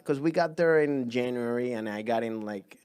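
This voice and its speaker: A young man from Venezuela with a Spanish accent, a comedian telling stories in a rambling, animated way on a podcast. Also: mid-range voice, normal speed, smooth. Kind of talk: casual chat.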